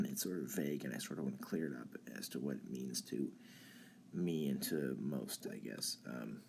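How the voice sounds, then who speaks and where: A young man hosting a live stream, talking through ideas in a halting way with many ums and restarts. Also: rumbling low, expressive, vocal fry, sharp tone, a little hiss or hum. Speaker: channel host. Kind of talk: casual philosophy talk on a live stream.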